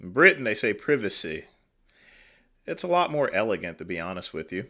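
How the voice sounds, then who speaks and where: A man's voice: lowish voice, big pitch swings, fast talker, pushed and bright. A man from the United States hosting a livestream, giving amused, chatty commentary on a video he is watching. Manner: amused, chatty, laughs along. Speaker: livestream host reacting to a video. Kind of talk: casual reaction commentary.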